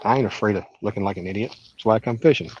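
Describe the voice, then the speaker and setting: A man's voice: lowish voice, very fast, a little mellow, lo-fi sound, a little hiss or hum. A man, joking and rambling in casual chat while fishing on a live stream. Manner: joking, rambling, self-mocking. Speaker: fishing channel co-host.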